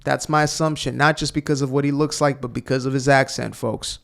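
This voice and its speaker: A man's voice: medium pitch, steady tone, brisk, creaky. A man hosting an opinionated commentary channel, reacting to clips in a sarcastic, mocking tone.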